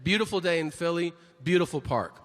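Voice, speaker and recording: Male stand-up, high and bouncy delivery, reverberant hall, live crowd. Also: a little fast. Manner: animated storytelling with shouted voiced asides. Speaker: stand-up comedian. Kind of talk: stand-up comedy routine. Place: large hall before a live audience. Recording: reverberant hall, audience noise.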